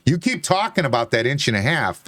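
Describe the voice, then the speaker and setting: A man's voice: medium pitch, sing-song, a little fast, fairly bright tone, no room sound. A man arguing heatedly on a bar-talk show, defensive and insistent, swearing and repeating himself. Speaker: co-host.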